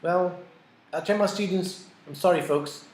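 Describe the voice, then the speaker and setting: A man giving a lively exam-prep lecture, repeating his key points and calling his listeners folks. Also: high voice, unhurried, a little hiss or hum. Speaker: IELTS teacher. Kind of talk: classroom-style lecture. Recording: echoey room with faint ambience.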